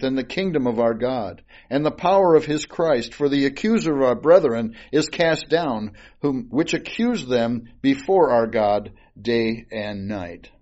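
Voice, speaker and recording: A man's voice: fairly high pitch, darkish tone. A man giving an informal Bible study sermon, reading old scripture aloud and then explaining it casually with fillers and restarts. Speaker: Bible teacher. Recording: dull lo-fi recording.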